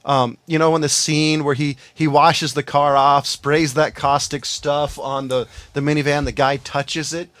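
A man's voice: on the high side, level tone, unhurried, hardly any pauses, fairly bright tone, dry recording. A man co-hosting a podcast, giving blunt opinions in casual movie chat. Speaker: podcast co-host.

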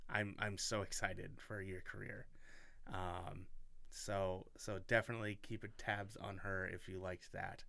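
A man's voice: sits low, level tone, measured pace, creaky, fairly bright tone, no room sound. A man hosting a podcast in casual chat, rambling, self-mocking and enthusiastic. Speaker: podcast host.

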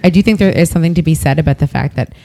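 A woman with a somewhat low voice hosts a casual podcast. She talks frankly and swears without holding back. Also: racing, mellow. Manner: candid, swears freely.

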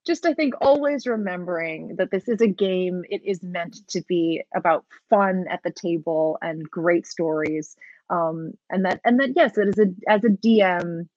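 A woman game master chatting as a podcast guest, animated and laughing often. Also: fairly low pitch, normal speed, no room sound, muffled recording. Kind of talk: casual interview talk.

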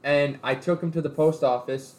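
A man's voice: on the high side, steady tone, moderate pace, darkish tone. Chatty man telling a story. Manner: storytelling, rambling with restarts. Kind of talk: casual chat.

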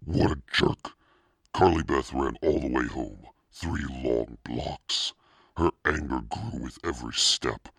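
A man reading a children's story aloud in a steady, expressive narration. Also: extremely low pitch, measured pace, vocal fry, slightly rough, no room sound, studio quality. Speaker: audiobook reader.

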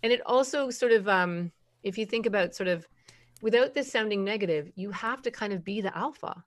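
A woman's voice: mid-range voice, a little fast. A middle-aged woman, a parenting expert, explains her approach in a conversational interview. She talks emphatically, asks rhetorical questions and now and then acts out quoted voices.

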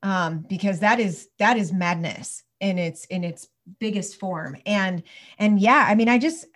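Fiery woman guest, midlife chiropractor, ranting with false starts, mid-pitched voice. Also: a little slow, fairly bright tone. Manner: heated, restarts often, ranting. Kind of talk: impassioned conversational talk.

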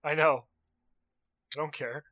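A man's voice: fairly high pitch, fairly even intonation, slow, sharp tone, no room sound, clean studio sound. A man co-hosting a casual podcast, making blunt, sarcastic quips. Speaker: podcast co-host.

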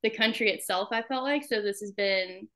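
A woman's voice: mid-range voice, normal speed, sharp tone. A young woman from Alabama with a Southern accent, chatting casually as a podcast guest and laughing often. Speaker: podcast guest, hockey wife. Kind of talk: casual interview chat.

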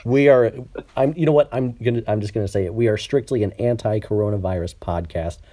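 A little fast and dark in tone, this lowish male voice belongs to a podcast host on a Skype call. His chatty, slightly nasal talk is peppered with ums and restarted phrases.

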